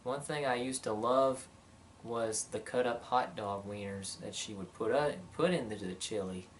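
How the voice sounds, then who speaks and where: A vlogger with a fairly low voice, speaking at normal speed, loosely rambles through viewer questions in a casual Q&A, padding pauses with "uh" and "you know." He sits slightly back from the mic, so he sounds distant, and a faint hum of room noise runs underneath.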